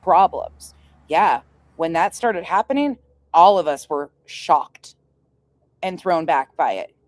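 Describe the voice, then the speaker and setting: Woman, livestream rant, swearing, combative, sarcastic, lowish voice, dry close sound. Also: animated, slow pace, no room sound. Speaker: online creator.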